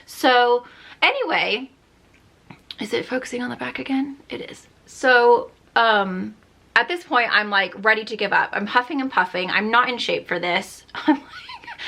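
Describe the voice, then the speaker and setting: Young woman vlogger, bright and slightly high voice, chatty exasperated storyteller, casual get-ready-with-me delivery. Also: very animated, unhurried, vocal fry. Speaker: beauty vlogger. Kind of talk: casual storytelling while doing makeup.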